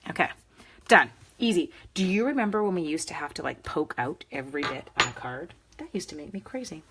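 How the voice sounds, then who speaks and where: A woman's voice: sits low, expressive, fairly quick, heavy background noise. A woman hosting a live card-making demo, chatting with viewers by name as she works. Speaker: crafting demonstrator.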